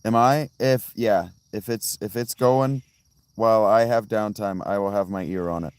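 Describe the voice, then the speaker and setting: A man with a deep, low voice talks loosely to his live-stream viewers from outdoors by a fountain. He rambles from one tangent to the next, restarting his sentences as he answers the chat. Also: fairly even intonation, normal speed, darkish tone, smooth, no room sound. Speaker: livestreamer reading chat.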